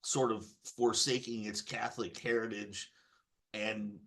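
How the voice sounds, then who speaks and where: A man's voice: lowish voice, fairly even intonation, a little slow, gravelly, a bit bright. A man from Texas ranting in a rambling stream-of-consciousness monologue, emphatic and repeating himself as he restarts his sentences. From Texas, USA. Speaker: political commentator.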